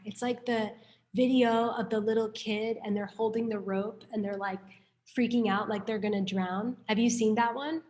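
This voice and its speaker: A woman's voice: fairly high pitch, normal speed. A young woman from New York City teaching a Buddhist class in a casual, chatty way, telling stories and peppering her talk with "like". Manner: chatty, frequent "like", animated storytelling.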